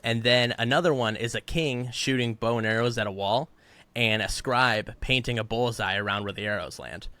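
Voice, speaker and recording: A man's voice: mid-range voice, moderate pace, pushed and bright, dry recording. A man co-hosting a podcast, fired up and ranting in heated political commentary, mocking the people he quotes. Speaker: podcast co-host.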